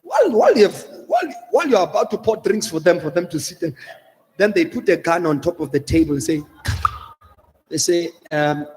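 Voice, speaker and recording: High-voiced South African pastor preaching. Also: male voice, sing-song, brisk, darkish tone, long reverb tail. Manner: earnest, repetitive pleading, mixing in Xhosa phrases. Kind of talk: sermon. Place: church hall.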